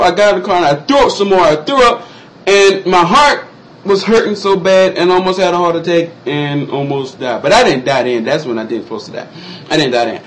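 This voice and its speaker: A young vlogger tells a personal story in a casual style, animated and voicing other people's lines in exaggerated high pitches. The recording quality is low.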